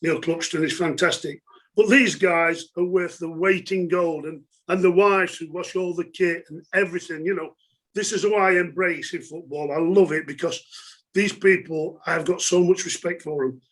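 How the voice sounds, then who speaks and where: Middle-aged bloke telling football stories, pretty high voice, chatty and laughing. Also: male voice, steady tone, normal speed, a bit bright. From England. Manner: chatty, laughing, many fillers. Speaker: former footballer, guest. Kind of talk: casual storytelling interview.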